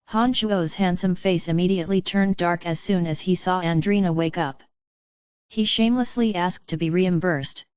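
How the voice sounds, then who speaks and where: A woman narrates a fantasy audiobook at an even, unhurried pace, her voice low and smooth. The recording is dry and close, with a slightly dull, lo-fi tone. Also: no room sound.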